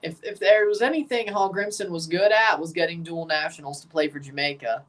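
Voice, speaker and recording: A man hosting a livestream watchalong, giving excitable play-by-play of a soccer match between chatty replies to his viewers. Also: fairly high pitch, a little fast, recorded from a distance. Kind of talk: casual watchalong commentary.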